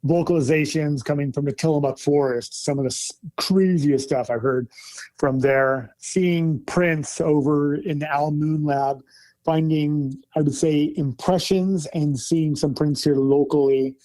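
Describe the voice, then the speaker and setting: Middle-aged male storyteller, mellow tone, slightly raised pitch, animated casual retelling. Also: a little slow. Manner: animated, excited retelling with acted quotes. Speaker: storyteller recounting a camping encounter.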